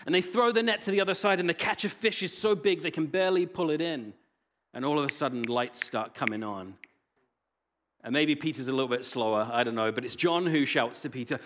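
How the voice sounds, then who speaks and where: A male pastor in mid-sermon, his voice at a middle pitch. He tells the story with lively energy, rising into loud, excited bursts and sinking to soft, hushed lines. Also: moderate pace. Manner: animated storytelling with wide swings in loudness.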